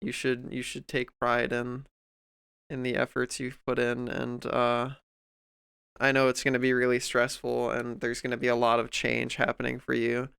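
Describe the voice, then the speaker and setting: A man talks loosely to his stream chat as he works, with a gravelly edge and a bright, crisp tone. He rambles warmly, trailing off and restarting often. The close mic sounds dry. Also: medium pitch, monotone, moderate pace, dry recording. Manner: rambling and heartfelt, with many fillers and restarts. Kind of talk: casual livestream chat while drawing.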